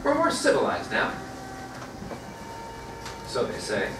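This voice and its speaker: A man's voice: on the low side, wildly swooping pitch, slow pace, exaggerated voice. A man playing a plainspoken small-town stage manager who talks straight to the audience in a live stage play. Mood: brisk. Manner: plainspoken, folksy, chatty asides to the audience. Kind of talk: live community stage acting. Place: theater stage. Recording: echoey theater from far off, noisy.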